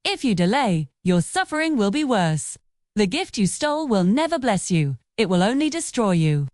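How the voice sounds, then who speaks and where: A woman's voice: medium pitch, big pitch swings, normal speed, darkish tone, no echo, clean studio sound, lightly acted. A woman voicing an angry masquerade spirit that commands and threatens in a storybook tale. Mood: angry, warning.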